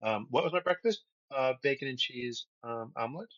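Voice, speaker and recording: A man's voice: medium pitch, expressive, moderate pace, a bit bright, no room sound, highs cut off. A man co-hosting a podcast in casual political chat, with wry, sarcastic asides. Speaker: podcast co-host.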